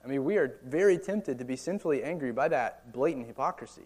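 A man's voice: mid-range voice, expressive, quick pace, darkish tone, breathy edge. American male pastor preaching conversationally. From United States. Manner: conversational preaching with rhetorical questions and "okay, right?" asides. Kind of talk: sermon. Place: church or meeting hall.

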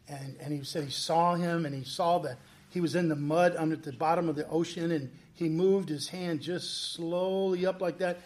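Man, pastor, testimony storytelling, lively, slightly high voice, acts out dialogue. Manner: animated, acts out quoted dialogue.

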